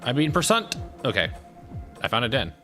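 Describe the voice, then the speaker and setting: Animated young man streaming a game. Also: medium pitch, moderate pace, soft background music. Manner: animated, exclaims at surprises. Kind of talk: casual let's-play chat.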